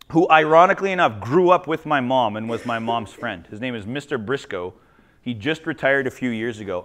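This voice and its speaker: A man from Ontario, a teacher telling jokey, animated stories in a conference talk. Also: medium pitch. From Ontario, Canada. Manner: animated, jokey, acts out quoted voices. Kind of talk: humorous storytelling presentation.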